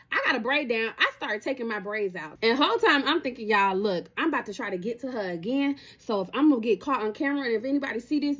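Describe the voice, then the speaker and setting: A young woman telling a dramatic personal story to her viewers in a casual, animated way. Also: sits high. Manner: animated, talks straight to viewers.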